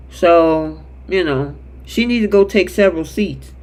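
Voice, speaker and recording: A man with a high voice runs a live soap recap chat. He talks in a casual, animated way, reading out viewer comments and acting out the characters' lines as he goes. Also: measured pace, hardly any pauses. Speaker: show host.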